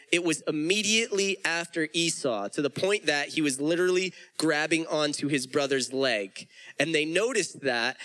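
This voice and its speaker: A man's voice: a little high, bright, forceful tone, poor audio. A man preaching a sermon, retelling the story in casual everyday speech with frequent restarts.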